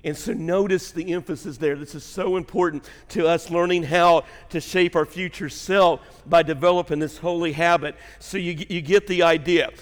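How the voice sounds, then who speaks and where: A man preaching a sermon in a church, folksy and joking with the congregation, emphatic and slow when reading scripture. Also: fairly high pitch, fairly even intonation. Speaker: pastor. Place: church sanctuary. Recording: long hall reverb.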